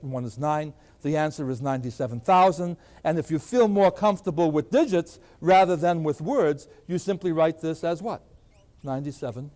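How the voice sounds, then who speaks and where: This recorded lecture features an older math teacher at a board, handling arithmetic by asking and answering his own questions. His voice is on the high side yet dark in tone, and the room rings with long hall reverb.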